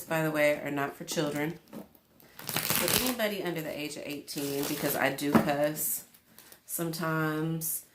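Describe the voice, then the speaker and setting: A woman with a low-pitched voice hosts a casual tarot reading at home, talking to a camera in front of her. She rambles chattily and uses plenty of fillers. The sound is roomy and very noisy.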